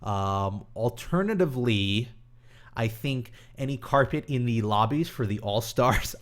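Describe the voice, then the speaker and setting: A young man hosting a casual live stream, reading viewer questions aloud and answering in a rambling, chatty way with many pauses and fillers. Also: medium pitch, animated.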